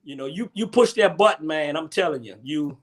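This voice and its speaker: A man's voice: a little high, lively intonation, fairly quick. A man hosting a casual comedic chat show, rambling and repeating himself. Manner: rambling, repeats himself, Southern Black vernacular. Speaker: host.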